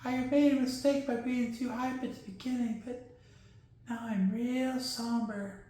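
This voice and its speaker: Ziggy, a man doing a squeaky cartoon zebra, hammy and over the top, sharp high voice, booming echoey room, bouncy delivery. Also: fairly even intonation, unhurried, a little hiss or hum. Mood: mock somber. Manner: over-the-top hype, then mock somber. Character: excitable male cartoon zebra sidekick.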